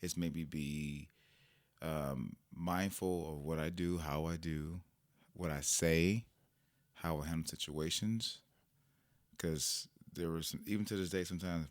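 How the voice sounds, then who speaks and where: A man's voice: a bass voice, fairly even intonation, unhurried, no room sound. A man guest on a parenting podcast, telling family stories and acting out exchanges with animation. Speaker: podcast guest, personal trainer and father. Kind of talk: conversational podcast interview.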